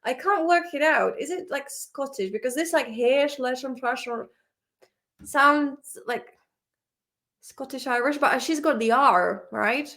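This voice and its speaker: Woman, somewhat high voice, congested, casual chatty teacher, repeats words. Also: measured pace, fairly bright tone. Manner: chatty, echoes words and laughs often. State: congested with a cold. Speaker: English teacher. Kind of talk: casual chat while studying. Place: home desk.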